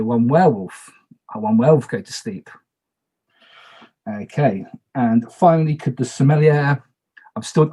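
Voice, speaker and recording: A man's voice: medium pitch, warm tone, breathy edge. Casual man moderating a party game. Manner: casual, chatty, repeats instructions, self-deprecating asides. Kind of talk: running an online party game over video call. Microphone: video call.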